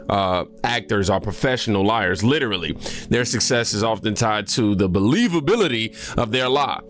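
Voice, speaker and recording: Low-voiced casual male commentator. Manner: conversational, with many "uh" fillers.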